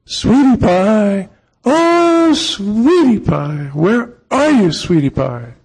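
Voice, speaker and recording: A man voicing a playful old woman who calls out in a high, lilting sing-song voice. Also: wildly swooping pitch, fairly quick, darkish tone, breathy edge, full character voice. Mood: sing-song calling. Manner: teasing, lilting. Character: playful old woman singing out from her porch.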